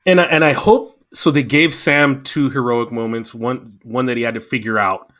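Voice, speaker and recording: An American man with a bright, forward voice, talking through a show review in an emphatic, animated way. He keeps acting out what people said, and his lively delivery carries his opinions. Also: mid-range voice, moderate pace. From United States. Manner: animated, emphatic, acts out quotes. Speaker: podcast co-host. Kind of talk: casual review chat.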